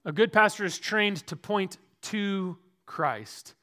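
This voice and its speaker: A man preaches as pastor of a church, with a high voice. His tone is bright and forward, and his sermon moves between loud, emphatic stretches and quiet, dropped asides. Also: expressive, takes it slowly.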